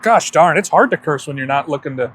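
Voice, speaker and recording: A man's voice: fairly high pitch, lively intonation, brisk, fairly bright tone, slight background noise. A young man co-hosting a podcast, trading crude jokes in casual chat and acting out the people in his stories. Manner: brash, joking, acts out quoted voices. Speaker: podcast co-host.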